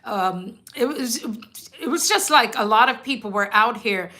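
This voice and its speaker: A woman's voice: a little high, lively intonation, measured pace, bright, forceful tone. A woman hosting a casual livestream as a business coach, chatting to viewers, reading out their comments and laughing often.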